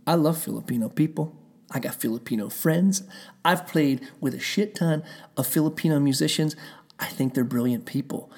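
A man's voice: on the high side, moderate pace, darkish tone, breathy edge. A man telling a heated, rambling story in a casual rant, swearing often and circling back on himself. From Pennsylvania.

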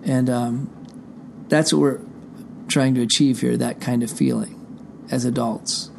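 A man's voice: medium pitch, fairly even intonation, slow pace, creaky, darkish tone, a little hiss or hum. A middle-aged man hosting his show from a room indoors, talking straight to his listeners in a rambling, profane, digressive monologue. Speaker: show host. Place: indoor room behind a closed door.

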